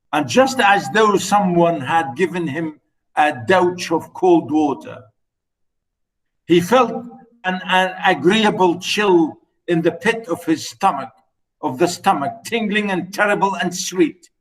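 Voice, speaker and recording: Slow high-voiced male lecturer reading aloud. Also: poor audio. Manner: reads a passage, then paraphrases it with many "you know"s; acts out characters' lines in loud high bursts. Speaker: literature lecturer. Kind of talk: reading a story aloud and explaining it to students.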